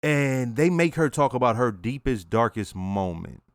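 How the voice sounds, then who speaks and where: A young man talks through a TV episode he just watched, blunt and profane. His pitch swings widely as he acts out the characters in quick asides. The sound is close and dry, with no room echo. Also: expressive, clean tone. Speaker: reaction channel host. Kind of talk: casual review after watching an episode.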